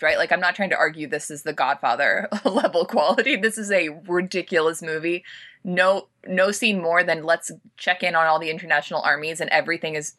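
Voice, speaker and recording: A woman's voice: on the low side, pushed and bright. A woman discussing a movie in casual podcast chat, wry and laughing often.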